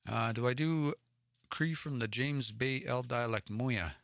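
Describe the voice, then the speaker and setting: A livestream host from around Edmonton, Alberta, Canada, reads Cree stories, translating word by word and sounding out uncertain words. He speaks at a measured pace in a creaky, fairly bright mid-range voice, recorded studio-clean with no room sound.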